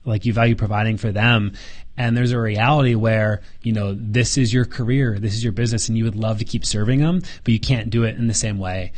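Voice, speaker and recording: A man's voice: lowish voice, fairly even intonation, fairly quick. Fired-up man hosting a live Q&A. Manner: earnest, fired up, repeats words; casual swearing and slang. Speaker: host answering viewer questions. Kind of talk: casual live Q&A.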